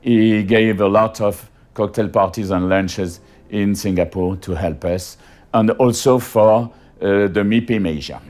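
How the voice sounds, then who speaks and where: A man's voice: on the low side, measured pace, darkish tone. A man with a French accent, giving a hesitant interview testimony full of fillers and restarts. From France.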